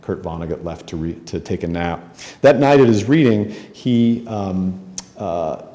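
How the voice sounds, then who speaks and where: Speaking a little slowly but with animation, this middle-aged author from Spokane, Washington, USA, has a low, mellow voice. He stands at a podium in a hotel conference room telling anecdotes, chatty and self-deprecating, with many ums and restarts.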